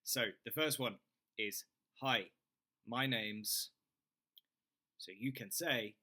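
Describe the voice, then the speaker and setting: A young adult man, teaching greetings in an online lesson and saying each model phrase slowly and clearly for learners to repeat. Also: medium pitch, pushed and bright. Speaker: English tutor.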